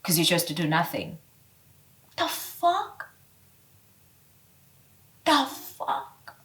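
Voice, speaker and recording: A woman in her twenties ranting casually to camera, heated and profane, swinging between loud outbursts and low mutters. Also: distant mic. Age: 20s. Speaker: vlogger.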